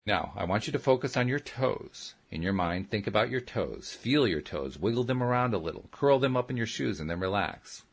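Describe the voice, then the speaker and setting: A man voicing a calm, gentle woman who patiently guides a boy through relaxing, speaking in a soft and steady way. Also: on the low side, normal speed, few pauses. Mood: soothing.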